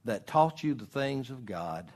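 A man's voice: mid-range voice, big pitch swings, measured pace. Folksy preacher man. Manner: homespun, swings between soft asides and loud emphatic stretches. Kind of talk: folksy sermon.

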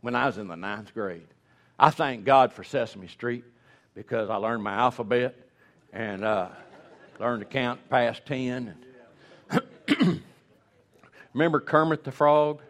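A man's voice: medium pitch, unhurried, pauses often, a bit bright. A man in his sixties preaching a humorous, folksy storytelling sermon, rambling and restarting as he jokes.

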